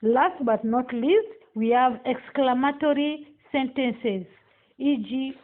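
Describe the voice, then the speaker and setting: A woman gives a classroom lesson in a fairly high voice. She speaks slowly and deliberately and leans on each example sentence. The sound is thin and tinny, like a phone line. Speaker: teacher.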